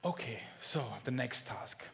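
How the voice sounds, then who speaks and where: A man from Austria with an Austrian German accent, explaining lively at a conference talk, German his first language. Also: mid-range voice, a little slow. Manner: lively, friendly explaining with small restarts. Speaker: conference speaker. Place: large conference hall. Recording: long hall reverb.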